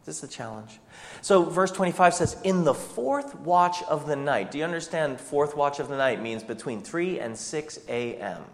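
A man preaching a sermon as pastor, asking the congregation one rhetorical question after another. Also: fairly high pitch. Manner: rhetorical questions, shifting pace. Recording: long hall reverb.

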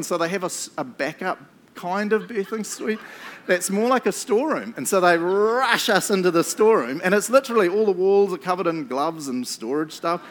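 A middle-aged man, preaching a casual storytelling sermon and shouting out re-enacted moments. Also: high voice, expressive, a little fast. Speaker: pastor.

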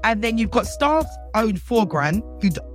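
A woman's voice: fairly high pitch, sing-song, normal speed, faint music behind. A woman with a London accent co-hosting a podcast in casual chat, full of exclamations like "boy". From England. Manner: exclamatory, calls people girl and boy. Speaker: podcast co-host.

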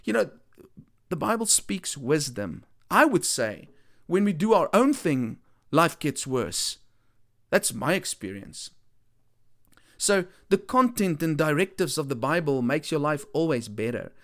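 A man's voice: a little high, big pitch swings, a little slow. A man, an earnest Christian speaker who repeats points for emphasis and often restarts his sentences. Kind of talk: earnest preaching talk.

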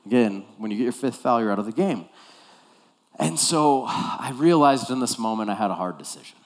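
A man preaching a sermon as pastor, telling a story with animated delivery and acting out the scenes. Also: medium pitch, brisk.

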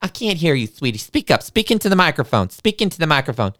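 A high, sugary music teacher coos and sings her words as though on stage, put on by a woman telling the story. Her voice swoops up to a bright, honeyed pitch. It sounds close and dry, with no room around it. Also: sing-song, quick pace, dry recording. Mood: syrupy. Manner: syrupy, theatrical, performing into a microphone. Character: gushing sing-song female music teacher, middle-aged.

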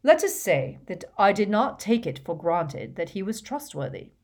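A woman voicing a wise old male headmaster, speaking in a slow, deliberate, grave way. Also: mid-range voice, very animated, darkish tone.

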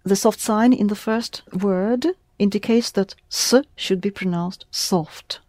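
A woman's voice: mid-range voice, steady tone, a little mellow, dry recording, studio quality. Patient woman teaching a language lesson. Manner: patient, encouraging, repeats words slowly and clearly.

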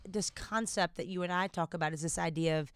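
A woman's voice: fairly low pitch, a little fast, smooth, no room sound. Southern-accented woman podcast co-host. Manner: animated, laughs often, exaggerated Southern accent. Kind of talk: casual chat.

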